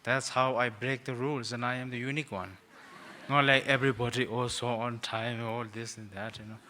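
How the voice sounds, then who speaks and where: Man rambling through a gentle teaching talk. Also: medium pitch, steady tone, a little fast, slight background noise. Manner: rambling, self-mocking, with frequent "sort of" and hesitations. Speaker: Buddhist teacher, guest speaker. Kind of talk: informal teaching talk to young people.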